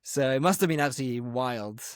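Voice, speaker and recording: A man's voice: mid-range voice, quick pace, clear, resonant tone, dry recording, studio quality. A man co-hosting a podcast in casual chat, talking in a rambling, hesitant way with lots of fillers. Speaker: podcast co-host.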